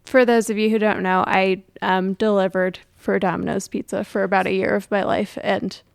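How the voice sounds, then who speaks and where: A woman co-hosting a podcast in casual chat, soft-spoken and laughing often. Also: mid-range voice, level tone, normal speed, creaky, clear, resonant tone. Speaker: podcast co-host.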